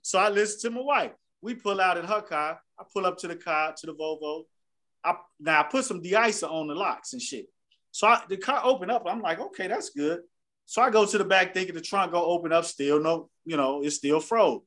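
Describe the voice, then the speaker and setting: A man with a high voice tells a rambling, profane story as he co-hosts a podcast. He talks in loose, casual chat. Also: brisk, a bit bright. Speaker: podcast co-host.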